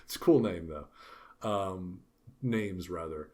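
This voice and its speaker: A man co-hosting a casual book discussion, animated, dropping into playful voices when he retells scenes. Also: low-pitched, slow pace. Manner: animated, puts on character voices when quoting. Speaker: podcast co-host.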